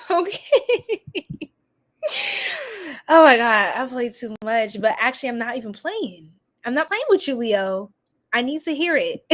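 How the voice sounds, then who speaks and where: A woman hosts a tarot livestream. She laughs often, teases her chat and shifts into slow affirmations for viewers to repeat. Her pitch swings widely from line to line. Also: very animated. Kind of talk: casual livestream reading with chat replies.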